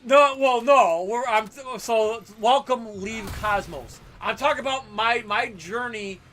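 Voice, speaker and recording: A man in his thirties hosting a gaming livestream, telling profane, animated stories with frequent laughter. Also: very high-pitched, a little slow, slight background noise. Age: 30s. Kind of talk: casual livestream chat and storytelling.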